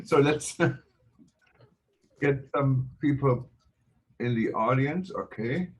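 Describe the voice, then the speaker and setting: A man hosts a live online event and reads out sign-up announcements. He fumbles a little and apologizes along the way, in an ordinary mid-pitched voice. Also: very slow. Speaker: host. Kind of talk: live webinar hosting.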